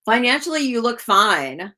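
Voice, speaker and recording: A woman giving live-stream tarot readings in a chatty, gushing way, full of likes and ums and quick laughs. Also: a little high, big pitch swings. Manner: chatty, warm to viewers, laughs often. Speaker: tarot reader.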